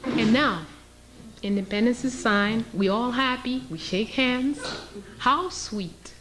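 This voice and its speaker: Her fairly high, fairly bright voice takes things slowly on a rough recording. This woman lectures the public with passion and emphasis, role-playing scenarios and asking rhetorical questions.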